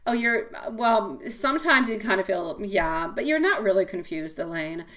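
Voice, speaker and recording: A woman's voice: mid-range voice, animated, moderate pace, fairly bright tone. A woman giving a live-stream tarot reading, delivering an encouraging, affectionate pep talk full of pet names. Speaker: tarot reader.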